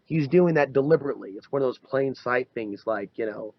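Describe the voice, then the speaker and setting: On a casual podcast, a male co-host talks fairly quickly in a mid-range voice, lively and prone to mocking impressions of what others said. There's no echo, and the audio is dry, dull and lo-fi.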